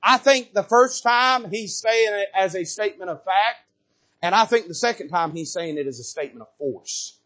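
A man preaching a sermon from a church pulpit, folksy and repetitive, building to shouts and then dropping low. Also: expressive, normal speed. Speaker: pastor. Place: church sanctuary.

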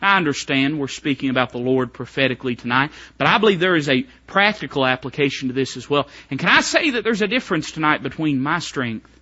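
Preacher guy, raspy and sharp, loud then real quiet, kinda muffled church tape. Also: lively intonation, quick pace, few pauses. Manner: swings between shouted climaxes and hushed low passages. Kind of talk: sermon.

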